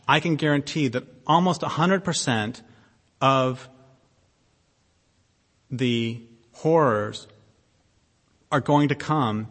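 A man giving an impassioned public talk, blunt and sardonic, with emphatic stresses and long pauses. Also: medium pitch, fairly bright tone. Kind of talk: impassioned lecture to an audience. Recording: long reverb of a hall.

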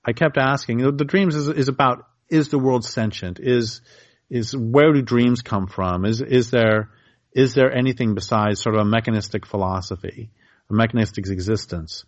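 Man, interview guest, earnest, argues with hypotheticals, mid pitch, dull lo-fi audio. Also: normal speed, dry recording. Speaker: author and guest. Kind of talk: conversational interview.

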